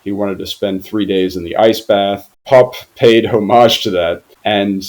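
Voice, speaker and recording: A man from Germany, speaking as a football reporter guest on a podcast in a formal, measured way with frequent hesitations. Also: fairly low pitch, steady tone, a little mellow, rough recording. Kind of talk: podcast interview.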